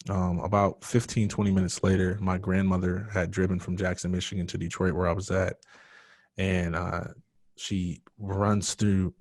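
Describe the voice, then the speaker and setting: A man's voice: low-pitched, flat delivery, normal speed, a little mellow, dry recording. A man as a podcast guest, telling a personal story in an earnest, emotional way.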